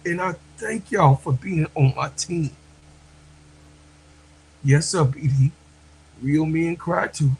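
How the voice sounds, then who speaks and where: A man hosting a livestream, speaking to his viewers slowly and from the heart, often repeating himself and getting emotional. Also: a little high, creaky, a little mellow, slight background noise, low-quality recording. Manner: slow, heartfelt, repeats phrases. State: emotional, near tears. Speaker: livestream host.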